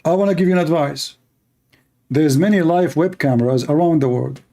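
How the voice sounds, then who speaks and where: A man's voice: a little high, a little fast, mellow. A man hosting a polemical talk who speaks in sarcastic, mocking, non-standard English. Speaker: host.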